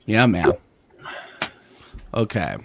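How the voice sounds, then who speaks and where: A young man joining a friend's stream, chatting casually in a relaxed, jokey way. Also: fairly low pitch, drawn-out words, gravelly, background noise. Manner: laid-back, jokey, easygoing. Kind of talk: casual chat.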